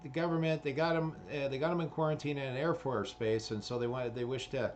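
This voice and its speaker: A man's voice: mid-range voice, fairly even intonation, fast talker, lo-fi sound, slight background noise. A man, ranting in a rambling commentary full of swearing and fillers. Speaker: vlogger.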